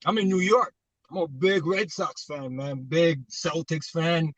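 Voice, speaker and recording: A middle-aged man from the United States calling in to a fan show, joking and animated, talking in casual slang. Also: fairly high pitch, a little slow, dry recording. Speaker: caller. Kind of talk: casual call-in chat. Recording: distant dull call line.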